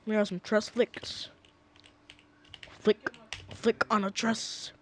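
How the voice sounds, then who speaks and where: A man's voice: high-pitched, little pitch movement, slow, slight background noise. A young man casually rambling through gameplay commentary at home, often sidetracked and full of fillers. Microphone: desk mic.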